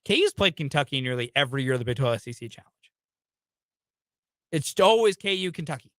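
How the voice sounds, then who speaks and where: A man's voice: mid-range voice, big pitch swings, quick pace, fairly bright tone, no echo, clean studio sound. A young man hosting a sports talk radio show, ranting emphatically about college basketball.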